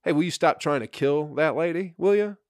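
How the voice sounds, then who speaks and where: A man's voice: a little high, fairly quick, no echo, studio quality, voice pushed up, natural voice. A man voicing a meek male bystander who pleads weakly and whiny. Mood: pleading.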